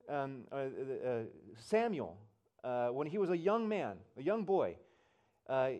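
Man preaching an animated story sermon. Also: a little high. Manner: storytelling, animated, acts out voices. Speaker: pastor. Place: church in front of a congregation.

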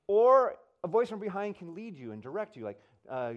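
Through lively storytelling, a pastor addresses his congregation in church, acting out voices as he goes. He speaks briskly in a slightly high voice.

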